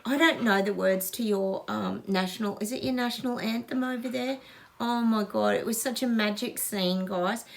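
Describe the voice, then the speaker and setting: A woman's voice: mid-range voice, moderate pace, gravelly. A middle-aged Australian woman, a psychic host, talking to viewers in a gushing, emphatic way. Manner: gushing, emphatic, gets emotional. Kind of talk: casual psychic reading to viewers.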